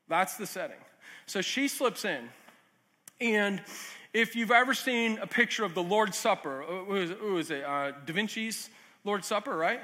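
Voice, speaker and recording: A man preaches to his congregation in an earnest, chatty way, stopping for asides and small jokes. His voice sits very high and rings bright and sharp. The sound carries a long reverb from the church hall. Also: animated, moderate pace. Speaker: pastor. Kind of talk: sermon.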